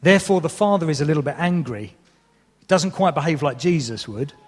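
Man, thirties, sermon, candid and humorous, a bit high-pitched, long hall echo. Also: lively intonation, brisk, breathy edge. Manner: candid, self-deprecating, humorous. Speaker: preacher. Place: church hall.

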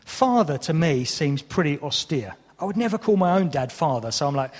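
A man in his thirties preaches in a church hall, candid and self-deprecating with touches of humor. His voice runs on the high side, expressive and moderately paced with few pauses, carried by the hall's long reverb.

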